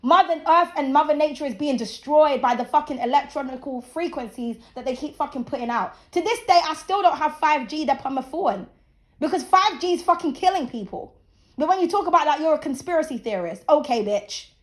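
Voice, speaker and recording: Speaking fairly quickly in a high-pitched voice, a channel host in her 30s rants bluntly and profanely to camera, offering her opinions in a casual, preachy way.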